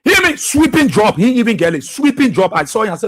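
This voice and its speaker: A man's voice: sits high, sing-song, quick pace, few pauses, fairly bright tone, slightly rough. A man giving impassioned political commentary as a radio talk show host, repeating phrases for emphasis.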